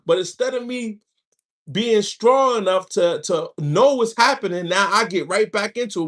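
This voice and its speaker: A man hosts a livestream, offering casual spiritual advice and telling stories full of slang and asides to his viewers. His voice is high-pitched, animated and fairly bright, at a normal speed.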